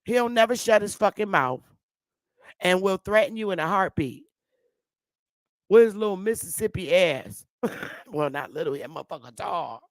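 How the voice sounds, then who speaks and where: A woman's voice: mid-range voice, expressive, normal speed, pauses often, dry recording. A woman hosting a live stream, ranting in blunt, brash commentary. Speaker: livestream host.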